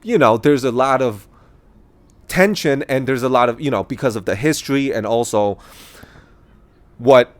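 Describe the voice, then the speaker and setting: A man talking casually about his own views, laughing as he goes and jumping into other people's voices. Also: medium pitch. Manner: animated, laughing, quick quoted voices. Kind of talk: casual opinion monologue.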